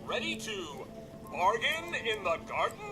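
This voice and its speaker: An actor playing a chipper robot shopkeeper who talks like a game-show host, with showy, exclamatory patter. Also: male voice, high-pitched, very animated, measured pace. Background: game music.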